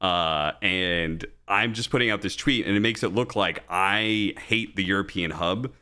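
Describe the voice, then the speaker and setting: Profane, animated male esports caster. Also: low-pitched, measured pace, clean tone. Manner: profane, animated storytelling, rising when angry. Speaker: podcast co-host and esports caster. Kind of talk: casual storytelling chat.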